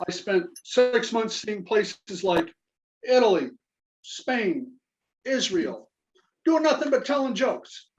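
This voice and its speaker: On a muffled recording, a Kentucky Navy veteran in his forties takes his time through a stand-up set of dry, self-mocking punchlines. His high voice swings widely in pitch, carrying a Southern American accent.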